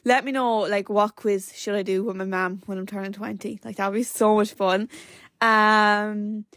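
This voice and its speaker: A woman's voice: medium pitch, fairly even intonation, measured pace, fairly bright tone, no echo, clean studio sound. A young Irish woman in her late teens hosting a podcast, rambling through stories with lots of filler words. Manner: rambling storyteller, many "like" fillers. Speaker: podcast host. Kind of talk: casual chat.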